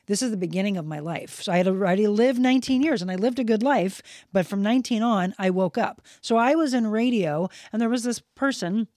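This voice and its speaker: A woman's voice: mid-range voice, brisk, hardly any pauses, a little mellow, dry recording, clean studio sound. A woman guest on a podcast, telling a heartfelt personal story in casual chat, earnest and sincere.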